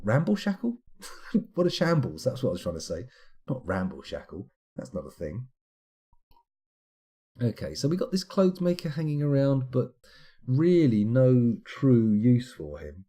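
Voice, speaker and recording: A man's voice: fairly low pitch, sing-song, moderate pace, mellow, slightly rough. A middle-aged British man streaming a game live, chatting in a rambling, self-deprecating way as he plays and reads out comments.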